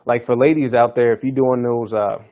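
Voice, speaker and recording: A man's voice: medium pitch, steady tone, fairly quick, dark tone, dull audio. A man hosting a fitness podcast, talking in a loose, slangy, hyped-up coaching style. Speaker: podcast host. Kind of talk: casual fitness podcast monologue.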